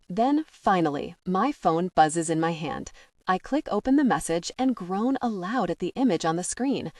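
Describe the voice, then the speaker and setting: A woman with a fairly low voice reads a romance audiobook in the first person. The sound is dry and close, with no room around it. She slows down and lingers over the steamy passages. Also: no room sound. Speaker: audiobook narrator.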